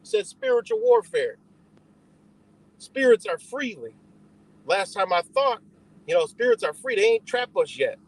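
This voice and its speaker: Male livestream host, high and lively delivery, rambling, profane, argues with chat. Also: measured pace, vocal fry, long pauses, slightly rough, no echo, poor audio. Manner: answers chat directly. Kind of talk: ranting live stream talk.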